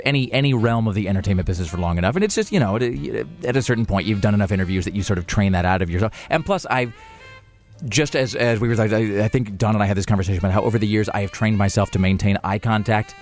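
Fast-talking man telling a rambling story. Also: on the low side. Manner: rambling with many restarts and fillers. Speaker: radio show host. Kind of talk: casual storytelling on air. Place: radio studio.

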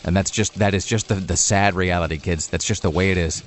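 A man's voice: low voice, fairly even intonation, brisk, a little hiss or hum. A man hosting a radio talk show, bantering wryly and rambling through a sponsor read with plenty of fillers. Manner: rambling, wry, full of fillers.

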